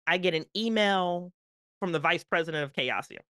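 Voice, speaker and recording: Expressive woman guest, dry sound. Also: fairly low pitch, moderate pace, clean tone, no room sound. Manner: emphatic, expressive, playful asides. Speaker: podcast guest. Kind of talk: animated storytelling chat.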